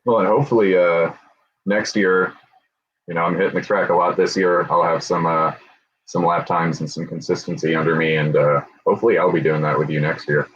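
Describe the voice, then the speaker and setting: A man hosts a relaxed motorcycle chat in a very deep, husky voice. He is easygoing and fills his pauses with "uh". The recording sounds dull and lo-fi. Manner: easygoing, lots of "uh" fillers. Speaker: podcast host. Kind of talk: casual chat.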